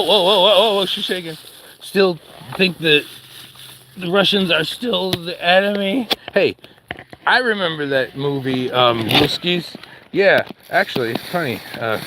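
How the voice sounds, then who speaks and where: A man with a voice on the high side rambles jokily while live-streaming an outdoor walk with his dog, chatting to his viewers and to the dog. Background noise can be heard.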